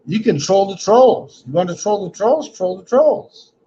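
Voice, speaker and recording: A man's voice: sits high, expressive, measured pace, warm tone, slight background noise. Rambling livestreamer man with lo-fi sound. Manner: rambling, joking, often ends lines with "man". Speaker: livestream host. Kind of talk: casual livestream chat reading comments. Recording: dull lo-fi stream audio.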